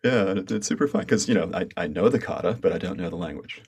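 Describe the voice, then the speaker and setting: A man's voice: low voice, fast, a little mellow, husky. An American man hosting a podcast interview, chatting casually and enthusiastically, often restarting his sentences. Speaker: podcast host.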